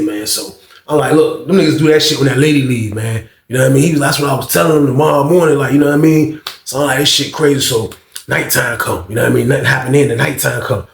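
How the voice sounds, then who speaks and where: A man telling a story in a casual, profane, animated way, acting out what others said. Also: mid-range voice, vocal fry, echoey room. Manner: animated, profane, acts out quoted speech.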